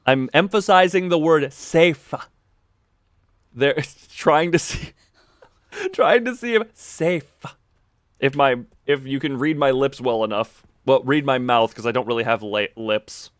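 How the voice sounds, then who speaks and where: A game streamer chatting casually with viewers while playing, laughing often and playing around with the pitch of their voice. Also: a little slow, no room sound, clean studio sound. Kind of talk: casual livestream chat while gaming.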